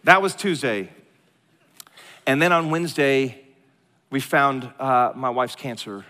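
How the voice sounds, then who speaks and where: A middle-aged pastor preaching a sermon in a large church hall, an animated, joking storyteller who drops to a hushed tone for serious moments. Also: male voice, medium pitch, slow. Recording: long hall reverb.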